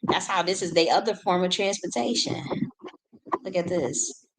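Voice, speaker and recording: A woman with a low, deep speaking voice reacts to video clips in a loose, chatty way. She circles back on her words, repeating phrases as she works out what to say. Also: moderate pace, slight background noise, low-quality recording. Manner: rambling, repeats words while searching for them. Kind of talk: casual commentary on video clips.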